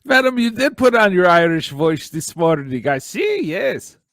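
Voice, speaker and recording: A man's voice: sits high, big pitch swings, a little slow, a bit bright, no room sound, studio quality. Chuckling man hosting a morning show. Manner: chuckling, teasing banter. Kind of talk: casual comedy show hosting.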